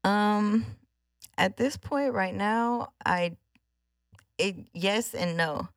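A woman's voice: mid-range voice, extremely slow, no room sound, studio quality. Hesitant woman podcast guest. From United States. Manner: hesitant, lots of fillers. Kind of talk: casual podcast interview.

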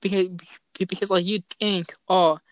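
A man's voice: sits high, steady tone, normal speed, fairly bright tone, dry recording. Young man telling stories with a stutter. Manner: laughing, profane storytelling with many fillers. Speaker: podcast host. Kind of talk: casual chat.

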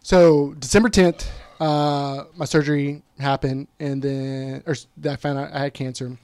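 A man guest telling a personal story in casual conversation, candid and quick to swear, often quoting what others said. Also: a little high, fairly even intonation, darkish tone, smooth.

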